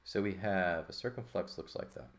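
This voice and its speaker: A Greek teacher with a low voice walks through a textbook lesson informally at normal speed, thinking aloud. His talk is loose, full of fillers and "right?" checks.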